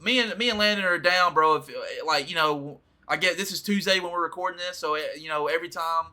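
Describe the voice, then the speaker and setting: Bright, laid-back podcast host man. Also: high-pitched, fast. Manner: laid-back, laughing, acts out quotes. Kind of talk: casual chat.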